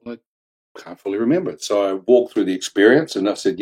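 A man telling a personal testimony in casual, excitable storytelling, laughing often and jumping into high voices when he quotes people. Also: fairly quick, husky, rough recording. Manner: colloquial slang, "mate", "flippin'".

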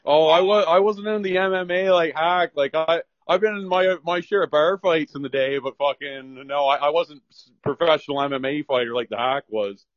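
A man's voice: on the high side, moderate pace, hardly any pauses, dry recording, dull audio. A Canadian man talking as a guest in casual chat, laid-back, rambling and swearing a lot.

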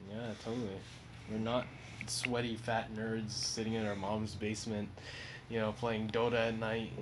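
A young man co-hosting a casual podcast, joking and rambling, often breaking into loud laughter. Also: lowish voice, completely flat delivery, normal speed, noisy background. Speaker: podcast co-host. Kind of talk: casual chat.

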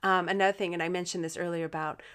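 A woman's voice: fairly low pitch, level tone, racing, fairly bright tone, smooth. A woman giving a casual motivational talk, speaking earnestly and encouragingly to her listeners, with plenty of fillers and restarts. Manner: chatty with frequent fillers and restarts.

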